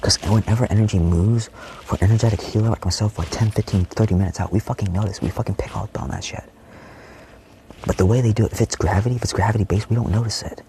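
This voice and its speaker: Young man, low gravelly voice, profane rambling monologue that keeps dropping to a whisper; faint background hiss. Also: fairly even intonation, fast talker, warm tone. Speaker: vlogger.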